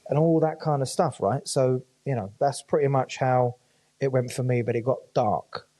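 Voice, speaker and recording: A man, a podcast guest in casual chat, telling his own story in an animated way and swearing often. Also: mid-range voice, normal speed.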